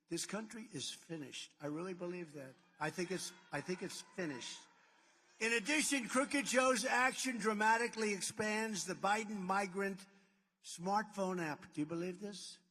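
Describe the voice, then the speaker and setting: A man delivering a rally speech from a stage microphone, his voice set fairly high for a man. He piles boast on boast in repeated superlatives, drifting into rambling asides. His words ring out with a long reverb through a large hall. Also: a bit bright. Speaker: political candidate.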